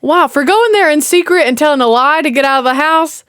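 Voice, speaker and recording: A woman's voice: high-pitched, a little fast, fairly bright tone, no echo, clean studio sound. A woman, chatting casually and talking back at a movie as she reacts to it. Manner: chatty, exclaiming, talks back to the screen. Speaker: reaction video host.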